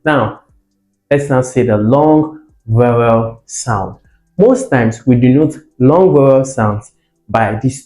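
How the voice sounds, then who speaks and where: A man with a mellow, medium-pitched voice leads an exam-prep phonetics lesson on vowel sounds as an English teacher. He repeats sounds and words for the viewer to practice and checks how they're doing, with a roomy echo and faint music in the recording.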